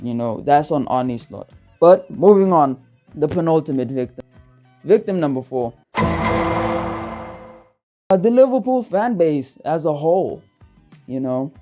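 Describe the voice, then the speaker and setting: A man with a slightly high, mellow voice hosts a football channel, ranting to camera. Worked up and hot-headed, he swears heatedly and repeats himself for emphasis.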